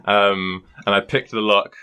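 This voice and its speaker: A man's voice: lowish voice, level tone, a little slow, bright, forceful tone, clear, resonant tone. A man co-hosting a podcast, telling a rambling story in casual chat, swearing freely and laughing often. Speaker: podcast co-host.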